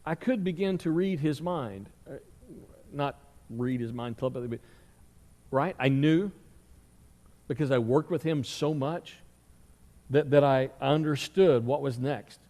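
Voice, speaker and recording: A man's voice: a little high, darkish tone, big-room sound. A middle-aged man preaching a sermon as pastor, telling stories and asking the congregation questions. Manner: conversational storytelling with rhetorical questions. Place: church sanctuary.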